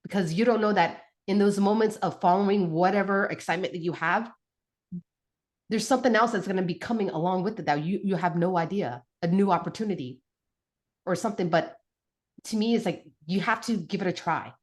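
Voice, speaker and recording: A woman, a guest on a talk show, telling a childhood story in a casual, animated way with lots of fillers and restarts. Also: mid-range voice, brisk. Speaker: podcast guest, mother.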